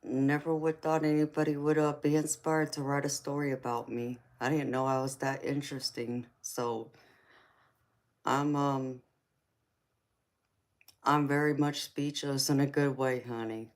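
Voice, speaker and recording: Southern American woman, live stream host, slow easy chat, affectionate with viewers. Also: a bass voice. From California. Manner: warm terms of endearment, slow relaxed talk.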